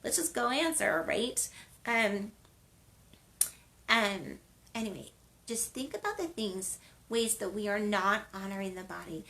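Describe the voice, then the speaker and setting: A woman's voice: medium pitch, lively intonation, slow pace, pauses often, pushed and bright, slight background noise. A woman from the western United States hosting a wellness video series, chatting casually and rambling with lots of fillers. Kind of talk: casual chat.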